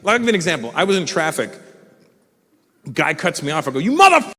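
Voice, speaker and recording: A middle-aged Canadian comedian does a live stand-up set on stage in a large venue, telling stories, swearing freely and chatting with the crowd. His voice is a little high, expressive, quick, bright and forceful, with live hall reverb and faint ambience.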